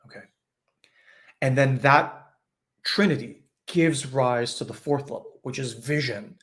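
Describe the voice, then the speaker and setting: A man giving a conversational spiritual teaching in a live online session, often acting out quoted voices. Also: mid-range voice.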